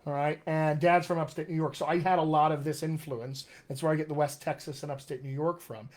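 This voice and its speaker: Upbeat man coaching live, slightly high. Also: steady tone, fairly quick. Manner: upbeat, encouraging, addresses viewers directly. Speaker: dialect coach. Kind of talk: live online Q&A teaching.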